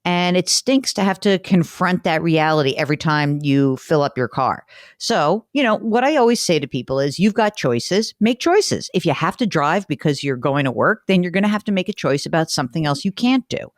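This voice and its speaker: A woman's voice: low-pitched, lively intonation, normal speed, dry recording. Blunt lady radio host ranting a bit, super dry close sound. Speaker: radio money show host. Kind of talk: casual call-in talk.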